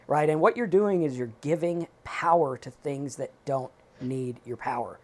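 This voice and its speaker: A man co-hosting a recovery talk show, giving casual advice in an animated, emphatic way and acting out his own inner thoughts. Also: fairly high pitch, normal speed, few pauses. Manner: animated, emphatic, talks in quoted self-talk. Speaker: podcast co-host.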